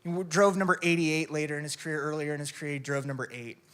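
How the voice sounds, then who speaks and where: A man's voice: fairly high pitch, fast talker, clear, resonant tone. A man preaching a sermon, telling stories and asking rhetorical questions. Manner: animated storytelling with rhetorical questions. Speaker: pastor.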